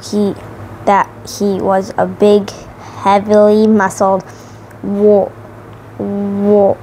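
Slow, careful woman reading a storybook aloud. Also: mid-range voice, monotone, warm tone, a little hiss or hum. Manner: careful, with restarts on words. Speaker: reader. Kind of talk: reading a children's novelization aloud.

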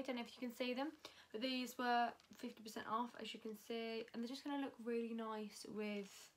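A woman's voice: mid-range voice, slight background noise. A young woman chatting casually through a fashion haul, talking freely and swearing often. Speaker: fashion vlogger.

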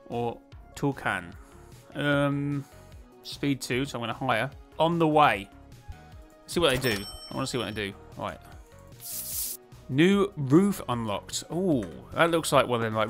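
A man giving casual, excitable commentary while he plays a management game, talking to himself and laughing often. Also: medium pitch. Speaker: gaming YouTuber.

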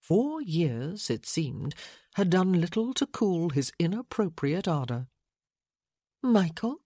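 A woman narrating a romance audiobook in a measured, intimate reading. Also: on the low side, very animated, warm tone, husky, no echo, clean studio sound. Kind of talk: scripted narration.

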